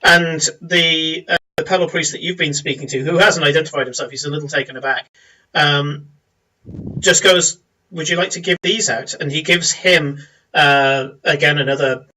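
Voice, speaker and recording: A man running a tabletop game, describing scenes and characters in a storytelling way with frequent fillers. His voice is bright and on the higher side for a man. He sits some distance from the mic, so the sound is a bit far off. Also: fairly even intonation, normal speed. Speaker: game master.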